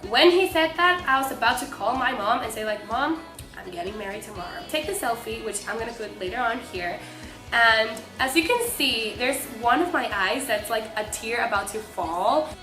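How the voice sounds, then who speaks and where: Teen girl vlogging, super bright voice, echoey room w/ faint music behind. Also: a little high, expressive, moderate pace. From Mexico. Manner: bubbly, breathless, lots of "like". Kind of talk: excited storytelling to camera.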